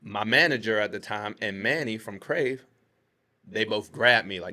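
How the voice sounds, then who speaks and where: A man from Pittsburgh, a podcast guest, telling a story in casual chat and acting out the quotes with his voice jumping up high. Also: a little fast. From Pittsburgh, USA. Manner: animated retelling, acts out quotes with rising pitch.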